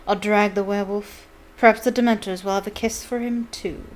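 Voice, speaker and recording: A cold, sneering male wizard professor, put on by a woman reading a storybook aloud. He talks in a silky hiss, soft and menacing. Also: medium pitch, fairly even intonation, fairly quick, close to an everyday voice.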